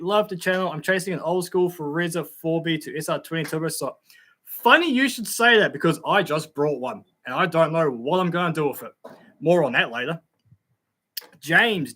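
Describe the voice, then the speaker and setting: A man's voice: on the high side, pushed and bright. A young Australian man hosting a casual live stream, chatting in a friendly way with many fillers and greeting viewers by name. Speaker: YouTube channel host reading live chat.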